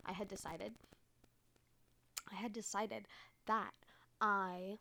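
A woman's voice: mid-range voice, fairly even intonation, slow, creaky, pauses often, bright, forceful tone. A young woman from Arizona hosts a podcast and tells a story in a loose, rambling way. She swears constantly, leans on "like" and "um", and keeps losing her thread before circling back to it. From Arizona, United States. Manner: profane, rambling, filler-heavy. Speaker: podcast host. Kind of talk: casual storytelling chat.

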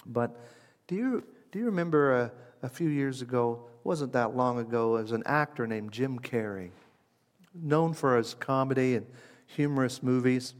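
Male preacher, mid-pitch, conversational sermon delivery, hushed to emphatic, long church reverb. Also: normal speed. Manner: conversational, reflective, with wide shifts from hushed to emphatic.

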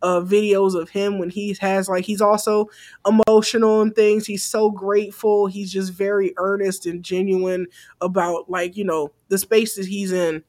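A young woman co-hosting a podcast, talking in a blunt, animated, profane way, often laughing. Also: medium pitch, normal speed. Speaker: podcast co-host. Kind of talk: casual chat.

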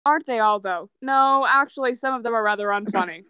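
A woman's voice: a little high, fairly quick, sharp tone, smooth, no room sound. A young woman co-hosting a casual podcast, playful and teasing, laughing often. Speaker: podcast co-host. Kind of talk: casual chat.

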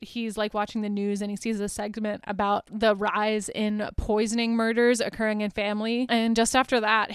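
A woman hosting a podcast recaps a film in a loose, conversational way, dropping plenty of ums and likes and laughing lightly along the way. Her voice sits a little high and sounds smooth and resonant. The recording is dry and close, with no room sound. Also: no room sound. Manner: chatty, lots of ums and likes, laughs often. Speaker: podcast host.

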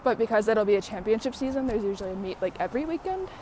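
A woman's voice: medium pitch, expressive, racing, dark tone, slight background noise. Female podcaster, casual and rambly, slightly winded on a walk outdoors. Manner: many fillers, laughs often while talking. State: out of breath walking uphill. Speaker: podcast host.

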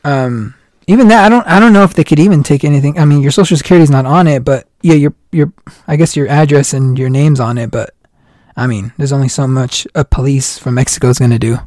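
A man's voice: mid-range voice, fast talker. A man in his thirties telling stories in casual chat, acting out the people he quotes. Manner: animated storyteller, acts out quoted lines. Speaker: guest.

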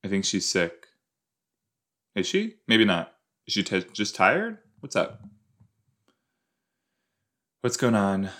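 A man's voice: on the low side, very animated, takes it slowly, pauses often, a bit bright. A man hosting a casual watch-along, chatting through an episode with rambling, self-deprecating asides. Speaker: reaction podcast host. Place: southern Minnesota.

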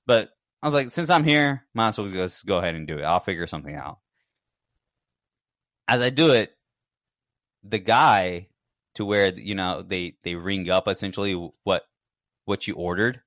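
Low-voiced man telling a story. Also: moderate pace, pauses often, dry recording, studio quality. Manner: animated storyteller, acts out his own reactions in quotes. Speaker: podcast co-host. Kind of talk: casual storytelling chat.

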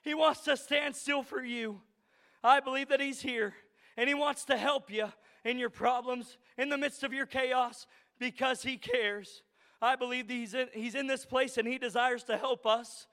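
A man preaching in a church sanctuary, his voice very high and bright with a gravelly edge. He builds phrase by phrase into shouted emphasis, repeating his lines in a steady cadence, and now and then gets choked up. The sound rings with long reverb from the hall. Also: normal speed. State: choked up with emotion at times. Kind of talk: sermon.

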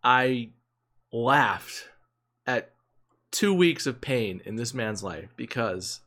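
A man's voice: medium pitch, lively intonation, slow, bright, forceful tone. A man co-hosting a podcast in casual chat, jumping in to fill in details with a teasing, amused manner. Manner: interjects to add context, teasing and amused. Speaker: podcast co-host.

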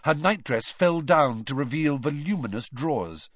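A male audiobook narrator with a lively, rising and falling delivery, reading the story with plenty of expression. The sound is dry and close, slightly dull like a lo-fi recording. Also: fairly high pitch, moderate pace, no room sound. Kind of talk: scripted narration.

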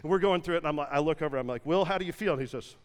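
A pastor in his thirties telling a family story in a lively sermon, peppered with "like" and acted-out quotes. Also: fairly high pitch, rapid-fire. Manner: lively anecdotal storytelling with frequent "like", acting out quotes. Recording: long hall reverb from a church stage.

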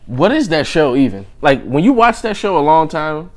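A man's voice: on the high side, big pitch swings, normal speed. A man hosting his own podcast alone, chatting casually and rambling from joke to joke, often laughing at his own lines. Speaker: podcast host. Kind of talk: casual solo podcast chat.

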